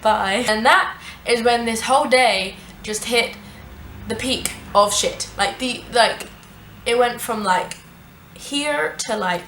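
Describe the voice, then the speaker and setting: A young woman telling a storytime vlog, animated and sweary, with many "like" fillers. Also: a little high, slow pace, slight background noise. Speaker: vlogger. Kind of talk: casual storytime narration. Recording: echoey room.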